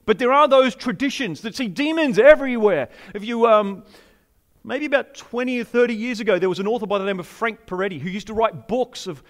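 Lively, high-voiced male preacher. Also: a little fast. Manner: humorous, conversational, asks the audience questions. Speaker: pastor. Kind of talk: sermon.

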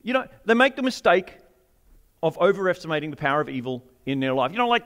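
A man's voice: on the high side, big pitch swings, fast talker, a bit bright. A man preaching a sermon in a humorous, conversational way, asking the congregation questions and joking about everyday life. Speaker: pastor.

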